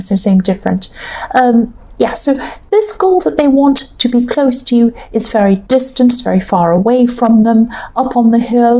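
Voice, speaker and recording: Mellow-voiced woman giving a rambling tarot reading. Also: on the high side. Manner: rambling, hesitant with many fillers, thinking aloud. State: has the hiccups. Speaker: tarot reader. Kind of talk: casual tarot reading to camera.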